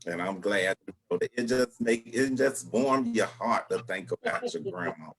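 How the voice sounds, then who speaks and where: A man co-hosting a casual chat, animated and joking. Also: normal speed, low-quality recording. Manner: animated, joking, mimics a grandma in a high voice. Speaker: co-host.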